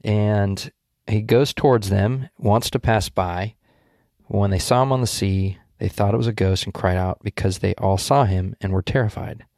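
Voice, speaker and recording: A man's voice: fairly low pitch, moderate pace, darkish tone, no room sound, studio quality. A man co-hosting a casual Bible study discussion, explaining passages in a thoughtful, searching way with frequent restarts.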